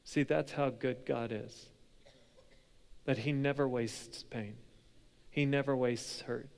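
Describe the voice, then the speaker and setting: A young adult man preaching a sermon as pastor, moving between hushed, intense passages and loud, animated storytelling. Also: medium pitch, slow pace, creaky.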